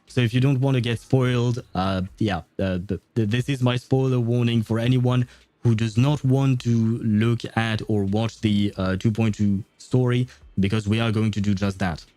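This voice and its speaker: A man's voice: mid-range voice, fairly even intonation, normal speed, warm tone, no room sound. A man from France with a French accent, chatting casually to his viewers while streaming a game, rambling, laughing often and stumbling over words. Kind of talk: casual live-stream chat.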